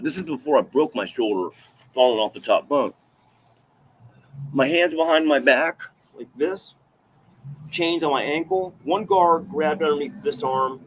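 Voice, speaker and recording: A man tells a personal story in a loose, rambling way, swearing freely and piling up repeated phrases for emphasis. His voice sits in an ordinary middle range, and he keeps the delivery casual and unscripted. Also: medium pitch. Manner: rambling, profane, with restarts and fillers. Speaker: vlogger recounting a personal story.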